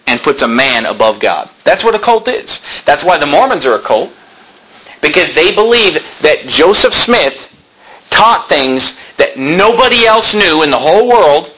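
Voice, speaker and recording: A man's voice: a little high, pushed and bright, breathy edge, rough recording. A man preaching a sermon as pastor, building to emphatic rising peaks and voicing his listeners' objections.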